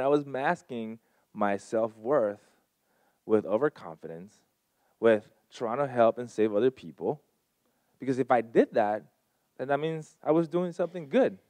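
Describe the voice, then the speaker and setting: A man with a medium-pitched voice, recorded dry, speaks at a community gathering. He earnestly tells a live audience personal stories, putting emphasis on them through big swings in loudness.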